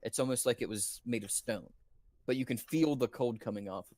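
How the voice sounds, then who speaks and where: A man narrating a tabletop game as dungeon master, halting often with fillers. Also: medium pitch, a little mellow. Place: indoor stream room.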